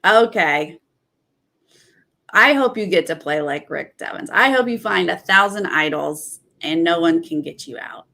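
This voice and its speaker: Slow, gravelly-voiced woman commentator. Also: on the low side, lively intonation, pushed and bright. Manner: chatty, candid, reads out cast bios and comments on each. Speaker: reality TV commentator. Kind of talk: casual reaction vlog.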